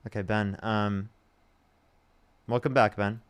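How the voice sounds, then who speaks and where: A man's voice: fairly low pitch, steady tone, slow, smooth. A man hosting a live stream debate, blunt and impatient, swearing when he gets annoyed. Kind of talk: heated debate.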